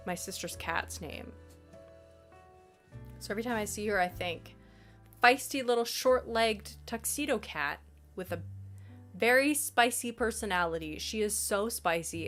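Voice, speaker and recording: Congested woman streamer, bubbly and chatty, mid-pitched, faint music behind. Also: fairly bright tone. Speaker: live streamer. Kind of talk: casual live-stream chat reading viewer messages.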